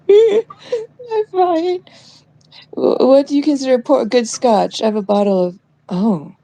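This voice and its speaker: A woman's voice: sits high, a little slow, mellow. A woman co-hosting a casual chat show, rambling and joking, often dropping to a near whisper. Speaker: co-host.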